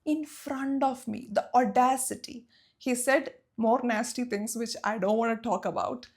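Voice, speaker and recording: A woman's voice: a little high, unhurried, a little mellow. A young woman from Saudi Arabia telling a personal story in a storytime vlog, emotional and emphatic. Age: young adult.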